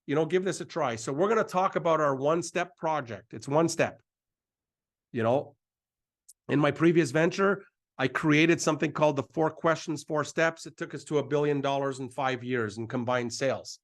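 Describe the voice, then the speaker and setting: A middle-aged man hosts a live event with a slightly high voice. He pushes his pitch with excitable energy and keeps circling back over the same words. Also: normal speed. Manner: excitable, repetitive, hyping himself up. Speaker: host of a sales presentation.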